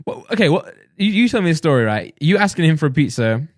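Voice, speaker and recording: A man's voice: fairly high pitch, big pitch swings, fast, no echo, clean studio sound. A young man co-hosting a podcast in casual chat, cutting in with questions and reactions. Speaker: podcast co-host.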